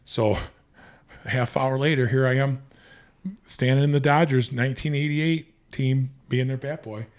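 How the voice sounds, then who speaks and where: A man's voice: medium pitch, steady tone, normal speed. Fifty-something guy rambling through old stories on a podcast, lots of um and you know. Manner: rambling, with many restarts and fillers. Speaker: podcast guest. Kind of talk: casual storytelling.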